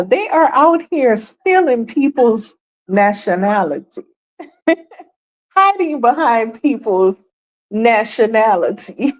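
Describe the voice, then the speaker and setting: A woman hosting her own livestream, talking casually and emphatically straight to her viewers and repeating her points. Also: fairly high pitch. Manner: chatty and emphatic, addresses viewers directly, repeats points, breaks into laughs. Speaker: host of her own talk stream.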